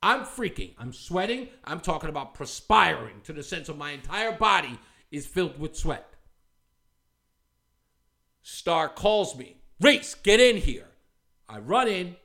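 Male host going off, scornful and fired up, sharp bright voice, pitch all over the place. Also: sing-song, a little slow, creaky. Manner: heated, confrontational, scornful. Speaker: talk show host. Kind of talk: ranting commentary.

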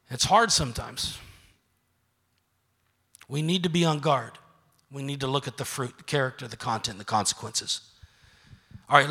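Middle-aged male pastor, emphatic sermon delivery that swings from quiet to shouted, bright voice, long church reverb. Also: mid-range voice, breathy edge. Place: church sanctuary. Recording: reverberant sanctuary.

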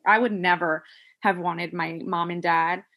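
A woman from New Jersey chatting casually as a podcast co-host and mother, talking in an animated way with frequent laughter and swearing. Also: lowish voice, a little slow. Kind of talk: casual chat.

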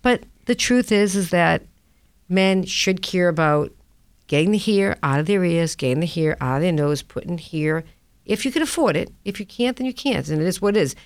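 A woman's voice: lowish voice, expressive, moderate pace, clear, resonant tone, dry recording. Boston-accented woman host, brash and jokey, dry studio sound, casual talk. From Boston area. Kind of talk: casual talk-show chat. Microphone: studio mic.

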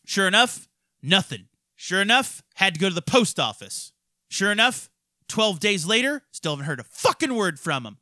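Lively, bright-voiced ranting male podcaster. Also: high-pitched, moderate pace, no room sound, clean studio sound. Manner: swears constantly, loud ranting outbursts. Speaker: podcast host. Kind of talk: profane ranting podcast chat. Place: home podcast studio.

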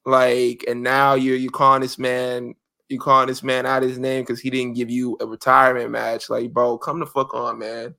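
A man co-hosting a wrestling podcast in casual, animated chat, swearing freely and mocking people in quick impressions. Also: mid-range voice, gravelly. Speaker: podcast co-host.

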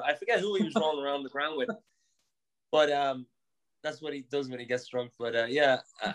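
A young Irish man from Ireland telling animated stories on a podcast, laughing, swearing and restarting his sentences. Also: mid-range voice. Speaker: podcast guest. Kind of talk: casual storytelling.

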